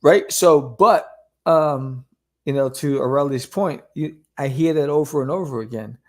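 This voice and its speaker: A man talking in a casual podcast conversation about selling his comics, animated and ending points with a quick question. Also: a little high. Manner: animated, keeps asking "right?". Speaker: comic creator guest.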